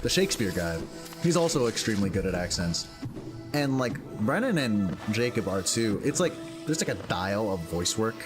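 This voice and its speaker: A man's voice: fairly low pitch, sing-song, normal speed. A man streaming a game, chatting casually and rambling with lots of fillers. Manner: rambling, filler-heavy, thinks aloud. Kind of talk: casual gameplay commentary. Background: game music.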